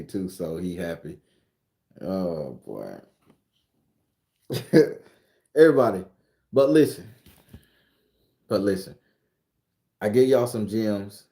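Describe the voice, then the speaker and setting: A man from southern Florida, a spiritual reader hosting a casual live stream on his phone. He talks in a bawdy, joking, loud way. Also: low voice. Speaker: spiritual reader and channel host.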